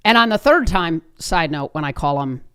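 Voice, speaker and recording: A woman's voice: low-pitched, lively intonation, normal speed, a bit bright, smooth. A woman in her fifties hosting a podcast, telling a personal story in an earnest, conversational way with frequent restarts. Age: 50s. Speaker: podcast host.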